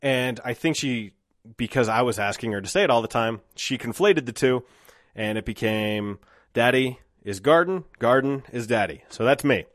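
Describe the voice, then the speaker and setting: A man in his thirties hosts a solo podcast, reflecting aloud in a rambling way and often restarting his sentences. His mid-range voice is fairly bright and sounds a little dry-mouthed, moving at a normal speed in a dry recording.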